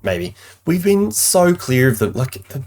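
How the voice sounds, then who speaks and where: A man's voice: mid-range voice, unhurried, faint music behind. A man giving live commentary on his own football management game, calling plays and venting frustration as he goes. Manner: animated, exasperated play-by-play commentary. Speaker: gaming YouTuber.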